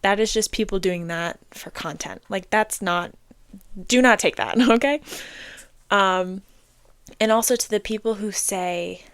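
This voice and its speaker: A young woman talks straight into her phone in a loose, meandering monologue. She leans on "like" as filler and lands her points with blunt, emphatic swearing. Her pitch sits in an ordinary middle range. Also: measured pace, clean tone, no echo, studio quality. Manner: rambling, heavy use of "like", emphatic swearing. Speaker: podcast host. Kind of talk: casual solo monologue. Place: indoors under an air vent. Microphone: phone recording.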